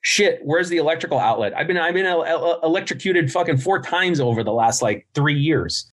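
A man's voice: fairly high pitch, lively intonation, fairly quick, fairly bright tone. Blunt, swearing middle-aged man. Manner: blunt, swears freely, tells stories with quoted voices. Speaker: podcast guest, business founder. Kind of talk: casual interview talk.

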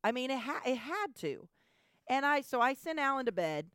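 A woman telling a family story in casual chat, animated, with stammering restarts. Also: high-pitched, moderate pace, clear, resonant tone, no room sound, clean studio sound. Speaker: podcast co-host, mother.

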